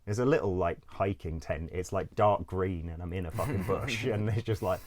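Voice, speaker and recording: A man's voice: low voice, normal speed, crowd noise. A man telling travel stories in a casual interview. He rambles, fills his speech with "like", swears freely and laughs often. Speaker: interview guest. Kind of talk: casual storytelling.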